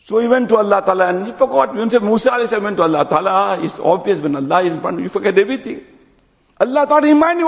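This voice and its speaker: A man giving a sermon as an imam, telling stories and dropping to low quiet tones at phrase ends. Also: lively intonation, very fast, creaky, big-room sound, highs cut off.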